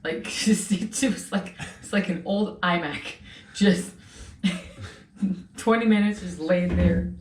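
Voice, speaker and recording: A woman hosting a casual video, telling stories in an animated way. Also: lowish voice, takes it slowly. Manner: animated storytelling. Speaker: host. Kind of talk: casual chat. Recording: roomy, a bit far from the mic, faint noise.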